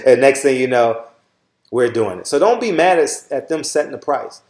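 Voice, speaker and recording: Expressive and darkish, his mid-range voice moves at a normal speed in a reverberant space. This middle-aged host with a Southern Californian accent speaks to his viewers in a casual monologue, lecturing bluntly with free swearing and a habit of asking "all right?" repeatedly.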